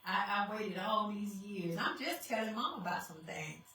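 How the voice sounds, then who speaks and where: A woman's voice: mid-range voice, lively intonation, moderate pace, sharp tone. A woman giving an emotional personal testimony to a congregation, speaking tearfully and calling out to the crowd as y'all. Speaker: guest speaker sharing testimony. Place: church sanctuary. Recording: echoey hall, voice from far off.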